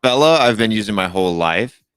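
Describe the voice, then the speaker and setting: A man's voice: fairly low pitch, expressive, fairly quick, a bit bright, smooth, dry recording, clean studio sound, soft background music. A middle-aged man hosting a live call-in show, chatting casually and rambling with many fillers and restarts. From United States. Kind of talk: casual live-stream chat.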